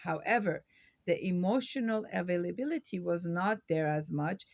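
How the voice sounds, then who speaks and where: A woman's voice: lowish voice, expressive, moderate pace, vocal fry, no room sound. A woman hosting her own video, giving a reflective educational talk to camera and posing rhetorical questions. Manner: reflective, poses rhetorical questions, occasional fillers.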